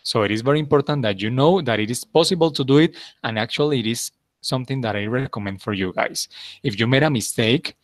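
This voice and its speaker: A man's voice: medium pitch, fast talker, dry recording. A man teaching an English class, patiently repeating his instructions and checking in with his students.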